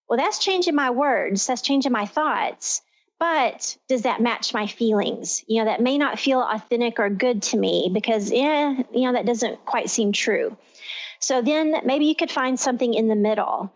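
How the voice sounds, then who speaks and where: A woman's voice: on the high side, animated, moderate pace. A woman from Texas hosting a talk radio show, explaining in long flowing sentences. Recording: lo-fi radio sound.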